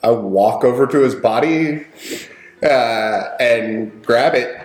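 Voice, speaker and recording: A tabletop game player talking in an animated way and laughing often. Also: mid-range voice, takes it slowly, roomy sound, soft background music, rough recording. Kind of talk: casual tabletop game play.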